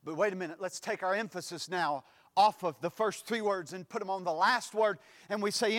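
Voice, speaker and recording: A male pastor preaching a sermon, with a preaching cadence that swells into sudden loud emphatic lines. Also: high-pitched, expressive, normal speed, long reverb tail.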